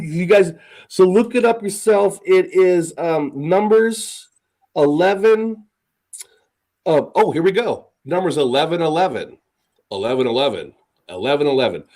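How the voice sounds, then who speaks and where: A man's voice: high-pitched, a little mellow, low-quality recording. A man hosting a casual talk show, reading scripture aloud with stumbles and swearing sarcastically. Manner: profane, sarcastic, stumbling rereads. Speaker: podcast host.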